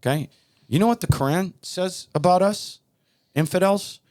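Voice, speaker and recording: A man's voice: high-pitched, moderate pace, a little mellow, slight background noise. A man hosting a talk show, preaching in a heated, emphatic and repetitive way. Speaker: podcast host.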